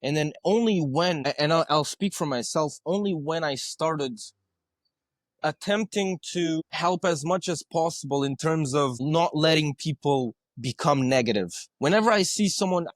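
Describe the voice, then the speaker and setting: A male podcast guest tells stories conversationally and earnestly, often repeating his words and checking in with "right?" His voice sits on the high side, captured in a dry, studio-quality recording.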